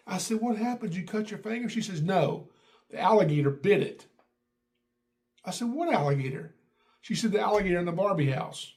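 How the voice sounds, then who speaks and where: A middle-aged man hosting a podcast, telling a family story in a lively way and acting out what people said. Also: high-pitched, moderate pace, long pauses. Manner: animated, acts out quotes with raised voice. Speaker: podcast host. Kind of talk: casual storytelling.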